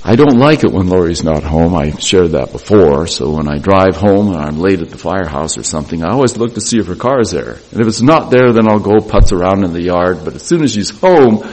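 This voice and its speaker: A husky, low-voiced middle-aged man speaks before a gathering of young graduates. His devotional address rises and falls with lively pitch, and he often repeats a phrase for emphasis. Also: brisk, few pauses, poor audio.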